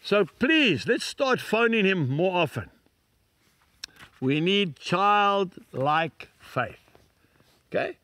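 An older man preaching a folksy, earnest sermon and leading a slow prayer, speaking straight to his listeners. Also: high-pitched, sing-song, sharp tone, no echo.

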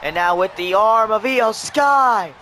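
High-voiced excitable male game commentator. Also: slow, slight background noise. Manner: excitable, breaks into shouts at near-falls. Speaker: play-by-play commentator for a wrestling video game. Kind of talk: play-by-play commentary.

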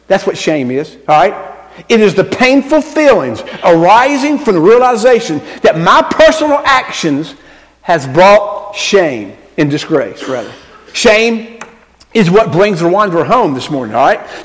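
Preacher, man, high voice, chatty sermon delivery, church reverb. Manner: conversational, checks in with the congregation. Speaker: pastor. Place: church sanctuary.

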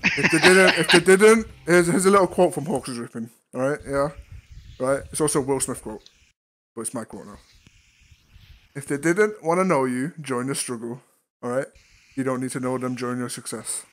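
A man's voice: mid-range voice, normal speed, fairly bright tone. Laid-back swearing man hosting a chat. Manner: laid-back, swears freely, laughs often. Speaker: interview show host. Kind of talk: casual chat. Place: online virtual world session. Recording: faint music underneath.

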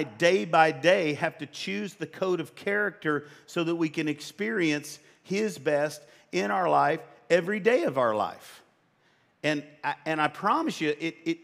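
A man in his fifties, a pastor, preaches in a slightly high voice with vocal fry. He speaks emphatically and conversationally, jokes in asides, and bursts upward in sudden excitement.

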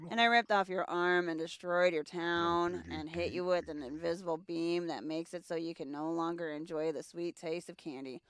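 A woman voicing a smug, grandly menacing alien invader captain in a lowered, pompous voice. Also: fairly even intonation, natural voice. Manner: pompous, slow and low.

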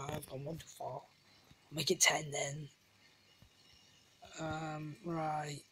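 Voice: mid-range voice, fairly even intonation, measured pace, long pauses, background noise. A speaker giving casual, rambling gameplay commentary full of jokey, self-deprecating asides. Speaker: gamer, channel host.

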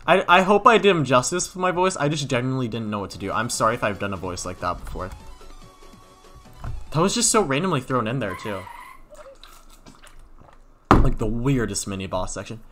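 A young man giving lively let's-play commentary on a game, laughing often. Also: mid-range voice, brisk, long pauses, music in the background. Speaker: gaming video creator.

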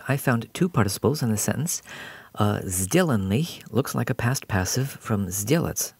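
A man's voice: lowish voice, creaky, slightly rough, dry recording. A man giving a patient, explanatory recorded grammar lesson as a language teacher.

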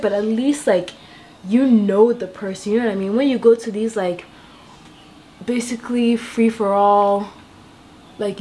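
A woman's voice: mid-range voice, a little mellow. Young woman vlogging at home, rambly storytelling, lots of "like", faint hiss behind. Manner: chatty, storytelling, lots of "like" fillers. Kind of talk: casual chat to camera while getting ready. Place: apartment.

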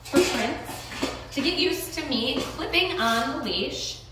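A woman's voice: high-pitched, lively intonation, slow pace, noisy background. Chatty woman dog trainer in a roomy space. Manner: chatty, upbeat, loose with fillers and restarts. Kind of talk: casual instructional narration. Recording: roomy, distant phone or camera mic.

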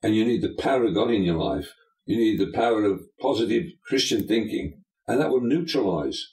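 A man's voice: on the low side, expressive, brisk, a little mellow. An older man, a pastor and bishop, talking emphatically in an interview, full of folksy sayings. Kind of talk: preacherly interview talk. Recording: echoey room.

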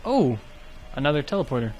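A man's voice: mid-range voice, big pitch swings, a little fast, darkish tone, slight background noise. Chatty man narrating his gameplay. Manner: chatty, thinking aloud. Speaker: gaming YouTuber. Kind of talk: let's play commentary.

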